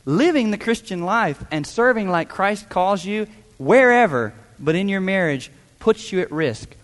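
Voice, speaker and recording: Man, pastor, sermon, emphatic, rhetorical questions, high-pitched, long hall reverb. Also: animated, unhurried.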